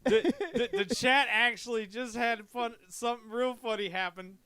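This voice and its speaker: A man's voice: extremely high pitch, steady tone, moderate pace, sharp tone, clear, resonant tone, no echo. A man co-hosting a podcast in casual chat, jokey and laughing while he talks. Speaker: podcast co-host.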